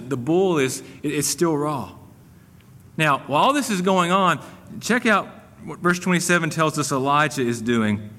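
A man preaching a sermon in an animated, conversational way, with humor and frequent restarts. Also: on the high side. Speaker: pastor. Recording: long hall reverb.

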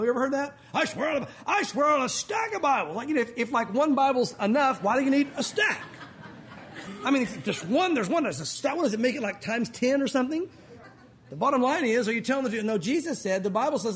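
A man from Tennessee with a light Southern accent, preaching a sermon as pastor, talking fast and acting out little scenes as he tells stories. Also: very high-pitched, breathy edge. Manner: fast-talking, animated storytelling with acted asides.

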